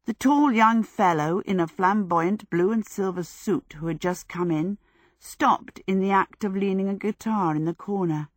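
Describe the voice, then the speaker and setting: A woman reading a story aloud in a measured, even way. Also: medium pitch, no echo, studio quality. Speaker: narrator. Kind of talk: audiobook reading.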